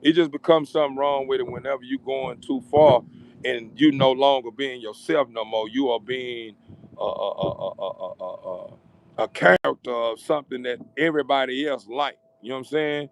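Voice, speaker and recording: A man's voice: mid-range voice, normal speed, creaky, a little hiss or hum. A man, giving a casual, rambling motivational talk to his audience and often asking if they follow him. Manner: rambling, repeats words and keeps asking "you know what I'm saying". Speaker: vlogger addressing his channel's audience.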